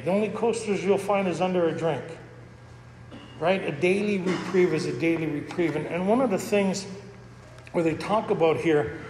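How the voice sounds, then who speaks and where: A man's voice: on the high side, darkish tone, a little hiss or hum. A man telling personal stories to an audience at a recovery gathering, candid and jokey, often laughing as he talks. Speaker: speaker at a recovery roundup. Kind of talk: personal storytelling talk to an audience. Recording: echoey hall with long reverb.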